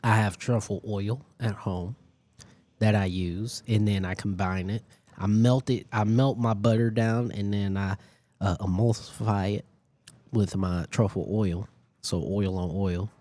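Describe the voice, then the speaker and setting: Low-voiced man chatting about food. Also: measured pace, dry recording. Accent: Detroit, Michigan. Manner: animated, eating while talking, chatty with fillers. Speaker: podcast co-host. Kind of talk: casual chat.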